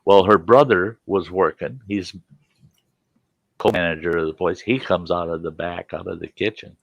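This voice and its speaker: A man in his sixties in casual storytelling, animated and acting out voices, swearing freely. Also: low-pitched, moderate pace, creaky, no echo, dull audio. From Wisconsin. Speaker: vlogger.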